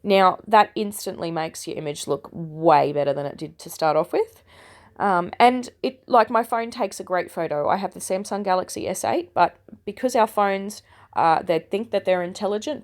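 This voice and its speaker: Aussie woman, croaky from a cold, bit of fry in her voice, chatty tutorial talk. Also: fairly low pitch, darkish tone. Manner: chatty and self-deprecating, explaining step by step. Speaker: photography tutorial host. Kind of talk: casual screen-recorded tutorial.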